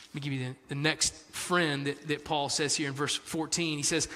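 A man preaching a sermon as pastor, telling stories in an animated way that swings from hushed to emphatic. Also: a little high, moderate pace. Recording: long hall reverb.

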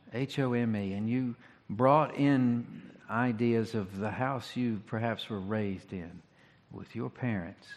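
A pastor giving a sermon, talking in a conversational, reflective way with rhetorical questions. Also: male voice, medium pitch. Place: church sanctuary. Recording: long hall reverb.

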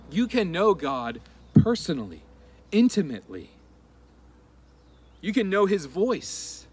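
A pastor preaching an earnest sermon to his congregation, stressing key words with deliberate pauses. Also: fairly high pitch, darkish tone, slight background noise.

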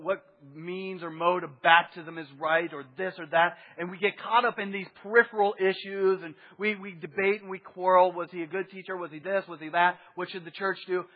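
A man's voice: high-pitched, big-room sound, phone-quality sound. A man preaching a sermon as pastor, conversational, with rhetorical questions and asides to the congregation.

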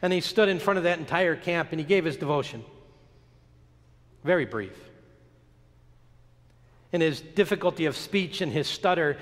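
A man preaching a sermon, telling a story with dramatic, emphatic pauses and a lot of expression. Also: a little high, in a large hall. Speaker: pastor.

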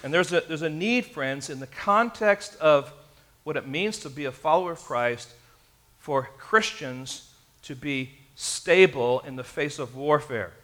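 A man delivers a sermon in a bright, forward voice that sits a little high. He preaches earnestly and turns to speak straight to his listeners. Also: measured pace. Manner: earnest preaching, addressing the congregation directly. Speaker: pastor.

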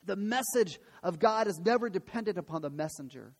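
A pastor with a high, animated voice preaches briskly in a church sanctuary, earnest and emphatic, repeating phrases to drive them home. The long reverb of the hall echoes around him.

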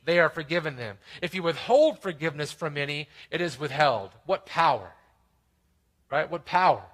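Bright-voiced preaching man. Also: fairly high pitch, expressive, brisk. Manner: preaching with rising emphatic peaks and quiet asides. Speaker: pastor. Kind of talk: sermon.

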